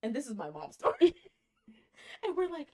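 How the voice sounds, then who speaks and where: Woman, podcast co-host, casual storytelling, high voice, very lively pitch, laughs often, swears casually. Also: normal speed. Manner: animated, laughs often while telling a story.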